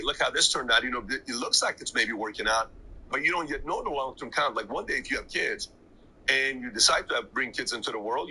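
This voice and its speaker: A man hosting a podcast, speaking thoughtfully and haltingly in casual chat. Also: mid-range voice, bright, forceful tone, husky, poor audio. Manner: thoughtful, halting, repeats words as he thinks. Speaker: podcast host.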